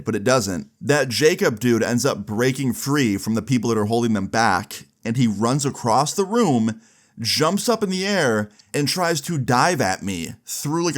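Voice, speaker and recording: Young male YouTuber, animated casual storyteller with lots of fillers. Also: fairly low pitch.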